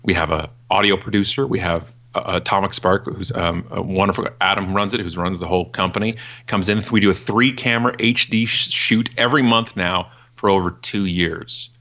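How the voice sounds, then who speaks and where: Man, forties, podcast guest, ranting, jokey, forceful tone. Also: fairly even intonation, a little fast, few pauses. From Canada. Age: 40s. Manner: ranting, jokey, acts out voices in high pitch. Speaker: guest, keynote speaker. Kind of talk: animated podcast interview.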